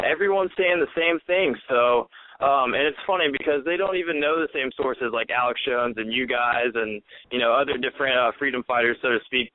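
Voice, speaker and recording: A man's voice: mid-range voice, no room sound. Stuffy-nosed man calling in. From American South. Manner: casual, eager. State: nasal from a cold. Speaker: caller. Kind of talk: call-in radio talk. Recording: tinny phone line, dry.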